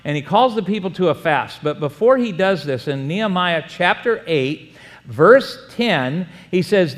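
A man preaches a sermon with a high, animated voice, acting out little back-and-forth exchanges and dropping jokes along the way. He talks as a pastor to his congregation. His voice carries the long reverb of a church sanctuary. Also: normal speed.

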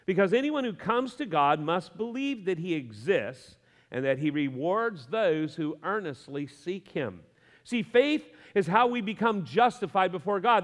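Preacher guy, highish voice, casual jokey sermon, echoey hall. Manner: lively, conversational preaching with humor and asides. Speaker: pastor.

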